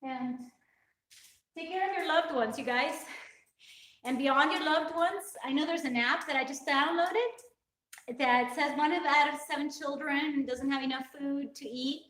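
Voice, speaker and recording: A tearful woman talks straight to her live-stream viewers, earnest and rambling, her high voice full of emotion. She sounds a little away from the mic in a roomy, echoing space. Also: a little slow, a bit bright, far from the mic, slight background noise. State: tearful, crying. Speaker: fitness vlogger hosting a livestream.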